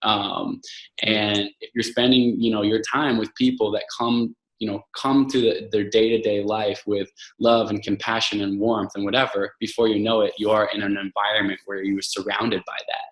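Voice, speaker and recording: A man's voice: fairly low pitch, little pitch movement, normal speed, echoey room, poor audio. A man speaking earnestly and reflectively as a podcast guest, with frequent fillers and restarts. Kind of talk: casual interview talk.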